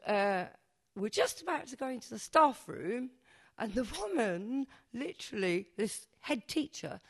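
Brief: woman, performance poet, live comic storytelling, chatty and cheeky, swears, laughs at herself. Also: medium pitch. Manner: chatty, self-mocking, swears freely, laughs at own jokes. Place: stage before a live audience.

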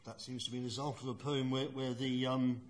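A man interviewing a poet in a literary conversation, pausing often with ums and restarts. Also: mid-range voice, flat delivery. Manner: hesitant, lots of ums and restarts.

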